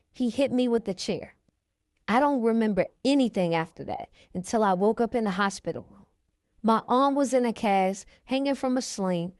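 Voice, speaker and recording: A woman reading a memoir aloud in the first person, in a steady manner. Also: medium pitch, dry recording, studio quality. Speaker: reader.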